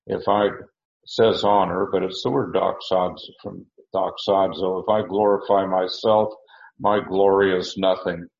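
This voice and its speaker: A man teaching through Bible verses, halting with many restarts and fillers, with an occasional dry chuckle. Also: sits low, roomy sound, lo-fi sound.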